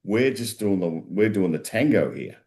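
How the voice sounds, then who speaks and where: A man's voice: lowish voice, sing-song, moderate pace, darkish tone, pitched above the performer's own voice. A man with an Australian accent putting on a sheepish couple caught in a car, who fumble over innocent excuses in a slightly raised voice. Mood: flustered.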